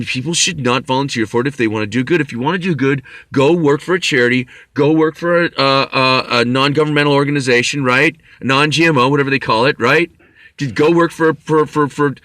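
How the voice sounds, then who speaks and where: Middle-aged man, bright tense voice, bitter swearing rant, stammering restarts, dry close sound. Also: fairly high pitch, no room sound. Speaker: vlogger. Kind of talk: ranting personal monologue.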